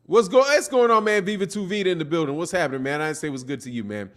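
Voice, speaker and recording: Slightly high and fairly bright, a man's sing-song voice moves quickly with few pauses as he hosts a live boxing stream. Loose and laid-back, he rambles through viewer comments and keeps coming back to the word "man."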